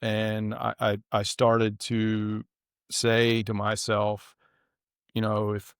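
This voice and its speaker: A middle-aged man in an interview, telling a personal story in an earnest, halting way with many restarts. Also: fairly low pitch, completely flat delivery, smooth, dry recording, studio quality. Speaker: guest.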